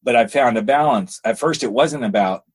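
A middle-aged man hosting a podcast, chatting candidly and telling stories in a casual, expressive way. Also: medium pitch, normal speed, breathy edge. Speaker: podcast host.

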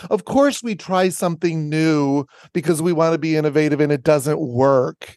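A man, a former school principal co-hosting a podcast, tells an anecdote in an animated, casual way and jumps up in pitch to stress his points. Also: normal speed, few pauses, dry recording, clean studio sound. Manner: animated, rises sharply in pitch for emphasis.

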